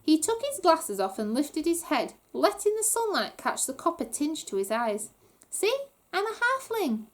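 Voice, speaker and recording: A woman reading a children's book aloud with animated storytelling. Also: high voice, moderate pace, few pauses. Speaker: reader.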